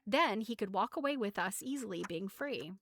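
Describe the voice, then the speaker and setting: A woman voicing a lively, gleeful patchwork rag-doll girl who talks in a bubbly, quick-witted way. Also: mid-range voice, dry recording.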